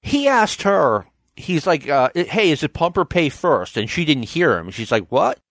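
A man's voice: fairly high pitch, moderate pace, no room sound, studio quality. A man in his fifties hosting a casual podcast, telling stories with lots of energy and acting out the quotes. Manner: animated storyteller, acts out shouted quotes. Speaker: podcast host.

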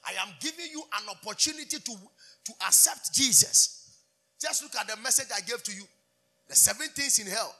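A man's voice: extremely high pitch, expressive, fast, pushed and bright, faint music behind. A man preaching a fervent sermon, asking the congregation call-and-response questions and switching between English and Twi. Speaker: pastor.

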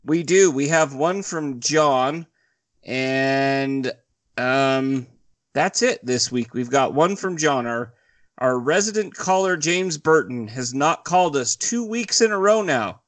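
A man's voice: mid-range voice, takes it slowly, dry recording. A man co-hosting a podcast, chatting in an easygoing, playful way. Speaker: podcast co-host. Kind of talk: casual chat.

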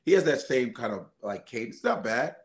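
A man's voice: medium pitch, sing-song, moderate pace. A man bantering and riffing jokingly as a podcast co-host. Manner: joking, riffing, mock voices. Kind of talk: casual banter.

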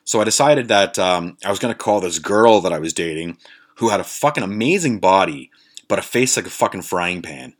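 A man's voice: deep voice, lively intonation, a little fast. A man hosting a podcast, telling a rambling, profanity-laden story in a casual way, full of ums and uhs. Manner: profane, rambling, many fillers. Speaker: podcast host.

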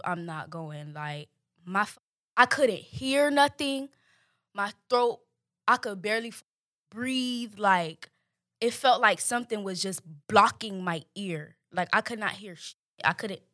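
A young woman, casually telling a profane, animated story and acting out the quotes. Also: mid-range voice, no room sound, studio quality.

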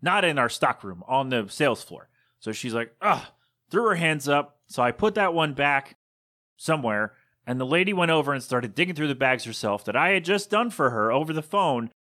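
A man's voice: medium pitch, lively intonation, normal speed, bright, forceful tone. A man hosting his own podcast, telling a story in a casual, rambling, digressive monologue. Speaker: podcast host.

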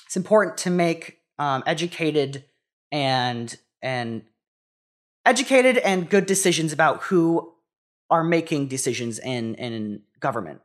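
Young adult chatting casually, lots of ums and restarts, middle pitch. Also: expressive, measured pace. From United States. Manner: hesitant, many restarts and fillers. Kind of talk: casual conversation.

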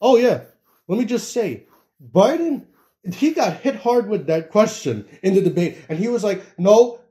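A man's voice: high voice, big pitch swings, normal speed, mellow. A young man ranting casually about politics, rambling with many fillers, restarts and bursts of laughter. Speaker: political commentator.

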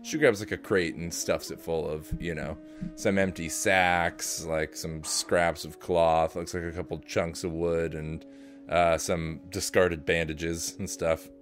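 A man's voice: low voice, little pitch movement, a little slow, soft background music. A man running a tabletop game as game master, narrating loosely with lots of fillers.

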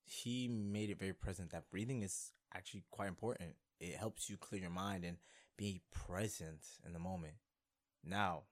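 A young man hosting his own podcast, talking casually and rambling excitedly, with many fillers and restarts. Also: low-pitched. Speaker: podcast host. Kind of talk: casual solo podcast talk.

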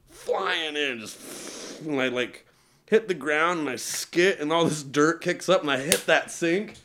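A man sits in as a podcast guest and tells a long personal story casually, his voice pitched a little high for a man. He is animated, laughs often, and fills his talk with "like". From Utah.

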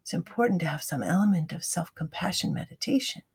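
Breathy woman guiding gentle meditation. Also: on the low side, animated. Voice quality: breathy, drops into soft whispers when guiding. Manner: gentle, slow guiding, laughs often. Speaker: guest teacher of self-compassion. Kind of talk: guided meditation and interview talk.

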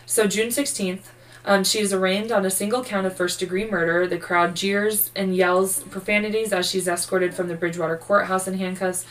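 A sleepy, yawning woman co-hosts a true-crime podcast, reading case notes and narrating the case in a loose, joking way with plenty of swearing. Her medium-pitched voice is steady and at normal speed, recorded far from the mic with rough quality.

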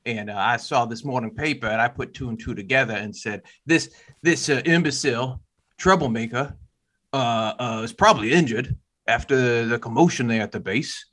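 A man's voice: mid-range voice, normal speed, fairly bright tone, close to an everyday voice. A man playing a hot-tempered Southern father in a tabletop game, with a stammering, folksy drawl and a put-on Southern accent. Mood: agitated. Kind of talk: tabletop role-play.

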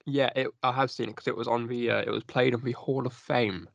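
A man's voice: mid-range voice, fairly even intonation, a little fast, gravelly, no echo, lo-fi sound. A man co-hosting a wrestling review show, chatting in a hesitant way. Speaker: podcast co-host. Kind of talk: casual chat.

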